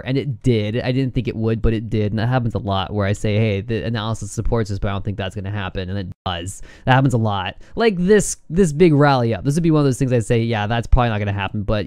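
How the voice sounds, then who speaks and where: A man doing a casual vlog about trading charts, excitable and giddy, quick to laugh as he goes. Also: mid-range voice, smooth, no echo, studio quality. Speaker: trading vlogger.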